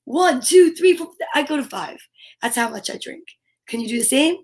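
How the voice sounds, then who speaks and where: Bubbly high-voiced woman hosting kids' story time. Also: brisk. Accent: New Jersey. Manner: animated, sing-song talk to children. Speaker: children's story time host. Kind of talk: live-streamed children's program.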